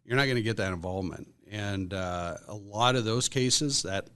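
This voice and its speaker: A man's voice: on the low side, moderate pace, fairly bright tone, smooth. A man who is a guest on a podcast, telling workplace stories in a rambling, casual way with lots of fillers. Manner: rambling anecdotal storytelling with many fillers. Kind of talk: casual storytelling.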